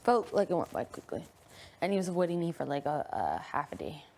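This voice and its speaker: A woman's voice: low-pitched, fairly quick. A woman chatting casually as a reality show houseguest, telling stories with lots of laughter and acted-out quotes. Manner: lively storyteller, laughs often, acts out quotes. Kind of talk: casual chat.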